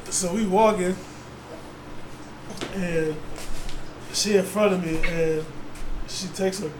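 A man's voice: sits high, fairly even intonation, slow pace. A young man hosting a podcast, telling stories in casual chat, laughing often and mimicking others. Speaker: podcast host. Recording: echoey room with noise.

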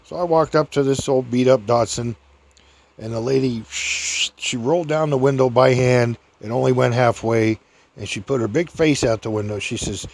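An older man casually tells a rambling personal story, chuckling often and pushing his voice up high to act out what other people said. He's animated, speaks at a moderate pace, and sounds a little mellow.

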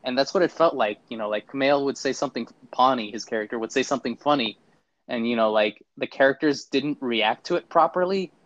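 A man chats through a movie review on a podcast, sarcastic and quick to act out mocking lines. His voice sounds dry and close, with a slightly dull, muffled recording. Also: medium pitch, a bit bright, dry recording. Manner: sarcastic, acts out mocking quotes. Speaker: podcast co-host. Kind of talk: casual movie review chat.

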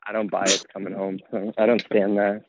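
A male podcast co-host in casual chat, teasing and deadpan. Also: fairly low pitch, normal speed. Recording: lo-fi with clicking.

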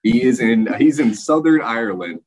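A young man hosting a podcast, excitable and loose, swearing as he chats. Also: medium pitch, normal speed. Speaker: podcast host. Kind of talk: casual podcast chat.

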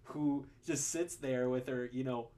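A man co-hosting a podcast, talking about a film in a casual, animated way, laughing often and restarting his sentences. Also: medium pitch, a little slow. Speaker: podcast co-host.

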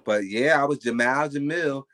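A man's voice: medium pitch, moderate pace, fairly bright tone. A man, a podcast guest, telling stories in casual interview chat with a blunt, emphatic and profane manner.

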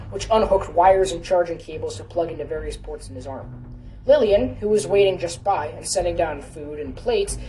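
A woman reading a story aloud in a casual, lowish voice, correcting slips as she goes. She sits some distance from the mic, with faint music under her narration. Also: dark tone. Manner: casual, with small self-corrections. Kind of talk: storytelling reading of a fan fiction.

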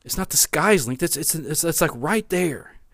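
A man's voice: on the high side, lively intonation, normal speed, fairly bright tone, no room sound, studio quality. A man preaching a sermon in an earnest way, repeating key phrases for emphasis and often restarting his sentences. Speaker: pastor.

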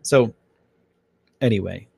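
A man's voice: on the low side, slow, vocal fry, warm tone, breathy edge, no echo. A man hosting a casual live podcast, talking in a loose, rambling, chatty way full of fillers, from home. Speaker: podcast host.

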